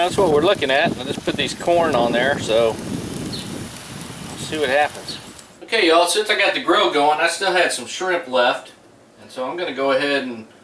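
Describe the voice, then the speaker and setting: Middle-aged man, bright voice, chatty backyard cooking vlog, roomy sound from a distance. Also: a little high. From US Gulf Coast. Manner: laid-back, chatty, talks to viewers while cooking. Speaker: home cook vlogger. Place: outdoors at a backyard grill. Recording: roomy sound from a distance, faint background noise.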